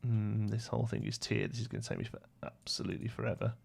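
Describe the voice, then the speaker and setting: A man's voice: lowish voice, little pitch movement, quick pace, gravelly, darkish tone, husky. A young British man livestreaming a building game, rambling to himself and answering chat questions in a casual way. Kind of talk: casual live-stream chat while building.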